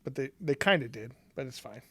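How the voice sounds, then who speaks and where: A man's voice: mid-range voice, animated, sharp tone, husky, no echo. A man co-hosting a podcast, chatting casually, swearing and joking as he acts out quotes. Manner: swearing, jokey, quick to act out quotes. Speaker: podcast co-host. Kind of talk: casual chat.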